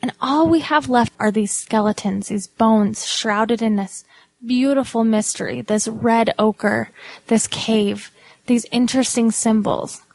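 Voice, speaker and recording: A woman's voice: on the high side, a little slow, vocal fry, a little mellow, no echo. A woman hosting a podcast, reading a scripted narration in a reflective, wondering way. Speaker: podcast host.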